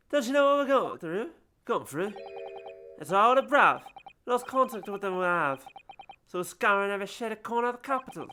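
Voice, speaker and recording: A man's voice: sits high, bright, forceful tone, slight background noise, voice pushed up, full character voice. Man putting on a brash Cockney street tough. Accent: Cockney (put on). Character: rowdy young male street brothers. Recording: game music behind.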